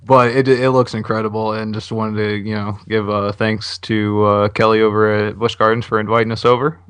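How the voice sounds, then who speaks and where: A man hosting a theme-park podcast, chatting casually and passing on news in a steady, informative way. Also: on the low side, brisk, clean tone, no echo. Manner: steady, informative, flat delivery. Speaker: podcast host. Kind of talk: casual chat.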